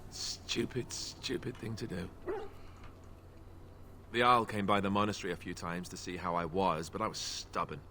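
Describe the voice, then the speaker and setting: Video game character, young male warrior, wistful, soft-spoken, slightly low voice. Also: little pitch movement, normal speed, vocal fry, a little hiss or hum, exaggerated voice. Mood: rueful.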